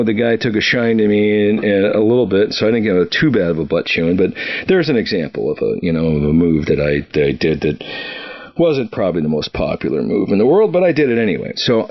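A man's voice: on the low side, sing-song, fairly quick, gravelly, muffled recording. A middle-aged man casually telling stories from his military career, rambling with many fillers and restarts and chuckling now and then. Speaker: podcast guest recounting military career. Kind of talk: casual storytelling.

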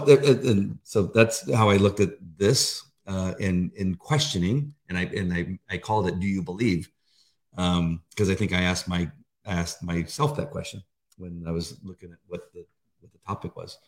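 A middle-aged man co-hosting a faith devotional, talking in a halting, emotional way with many fillers. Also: sits low, vocal fry, a little mellow. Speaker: devotional co-host. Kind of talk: casual faith chat.

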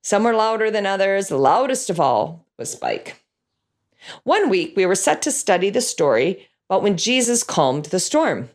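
A woman with a medium-pitched voice, speaking at a normal pace, tells an audience a story about teaching a children's Bible class. She brings it to life with animated character voices and sound effects.

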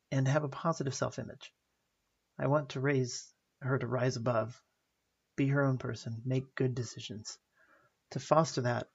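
A man's voice: mid-range voice, vocal fry, husky, lo-fi sound. A man in his thirties hosting a personal podcast, telling stories earnestly with light self-deprecating humor. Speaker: podcast host.

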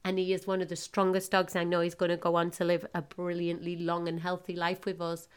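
A middle-aged woman hosting a podcast, telling a personal story emotionally, with halting restarts. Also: fairly low pitch, monotone, clean tone. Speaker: podcast host.

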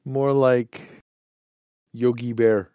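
A man co-hosts a casual gaming podcast in an easygoing, teasing way. He reassures and jokes with his co-host at a middling pitch. The recording is dry and close. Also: flat delivery, very slow, dark tone, smooth, no echo. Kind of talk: casual chat.

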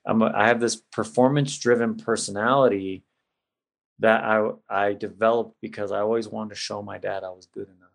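Low gravelly man telling his story. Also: steady tone, normal speed. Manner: casual, emotional, says "man" and "bro" a lot. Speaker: podcast guest. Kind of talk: personal storytelling.

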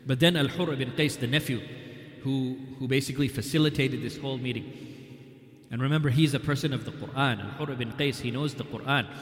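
A man's voice: medium pitch, a little fast. A man giving a weekly religious history lecture, retelling events through quoted dialogue and recited scripture. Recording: echoey hall with long reverb.

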